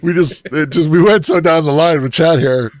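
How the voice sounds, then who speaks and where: A man's voice: a little high, normal speed. A man co-hosting a casual livestream podcast, riffing and laughing with his co-hosts and chat. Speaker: podcast co-host.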